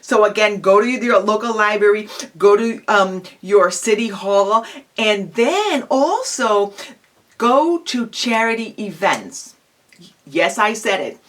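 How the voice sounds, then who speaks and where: A woman's voice: mid-range voice, lively intonation, slow pace. A woman giving a self-help video lecture on psychology, talking straight to the listener in a direct, encouraging way and asking rhetorical questions. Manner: rhetorical questions, frequent "um" and "you know". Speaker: psychology professor giving advice.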